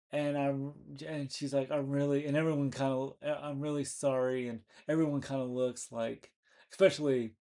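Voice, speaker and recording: Slow-talking man recapping a movie. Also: mid-range voice, mellow. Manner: rambling, many restarts and fillers. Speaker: movie review host.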